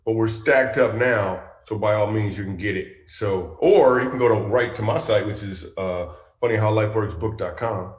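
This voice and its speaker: A man, a comedian and talk-show guest, telling a personal story in an animated way with playful punchline asides. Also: on the low side, normal speed, hardly any pauses, echoey room.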